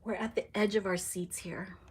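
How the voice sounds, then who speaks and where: A woman's voice: medium pitch, a little hiss or hum. A young adult woman casually hosting a live stream, chatting and reading out viewer comments. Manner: chatty, reads viewer comments aloud, animated reactions. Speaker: livestream host.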